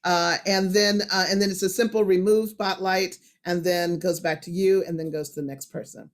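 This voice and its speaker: She presents an online storytelling workshop on a video call, her pitch fairly low and her pace moderate. Expressive throughout, she alternates between whispered asides and loud, emphatic lines.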